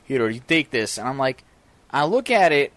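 A man's voice: mid-range voice, very animated, normal speed, fairly bright tone, no echo. A young man telling a rambling story in casual chat, stammering and swearing a lot, as a podcast co-host.

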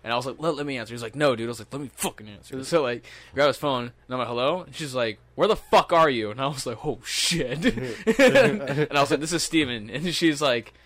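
A man's voice: medium pitch, animated, fast talker, fairly bright tone. Young male podcast host, swears freely, rambles through stories with laughter. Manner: profane, rambling, laughs often. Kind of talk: casual storytelling chat.

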